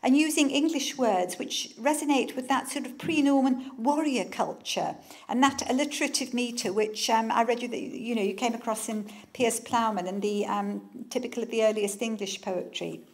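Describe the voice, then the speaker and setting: A woman's voice: fairly high pitch, normal speed. A woman author giving an informal public talk, chatty and enthusiastic, often wandering off on asides.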